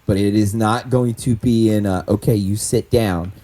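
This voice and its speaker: A man's voice: lowish voice, fairly even intonation, moderate pace, mellow. A man playing his character in a tabletop role-playing game, talking animatedly, laughing and swearing. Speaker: player.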